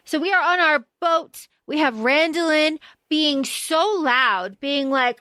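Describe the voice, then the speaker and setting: A woman's voice: high-pitched, lively intonation, a little slow, hardly any pauses, bright, forceful tone, no room sound. A woman co-hosting a casual book podcast, chatty and swearing freely as she acts out characters' lines. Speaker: podcast co-host.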